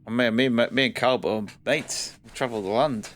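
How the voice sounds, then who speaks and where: A man's voice: medium pitch, steady tone, brisk, fairly bright tone, slight background noise. A man playing a tabletop game, goofy and playful in his banter. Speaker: player.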